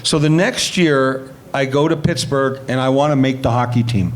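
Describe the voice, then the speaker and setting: A middle-aged man and former hockey player telling lively stories in an interview, acting out other people's lines. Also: mid-range voice, moderate pace. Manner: animated anecdotes, acts out quoted voices. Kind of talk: storytelling interview.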